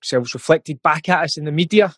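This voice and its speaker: A man's voice: fairly high pitch, brisk, a bit bright, dry recording. A man with a Scottish accent, a musician guest in a casual interview, talking thoughtfully with frequent ums and restarts. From Scotland.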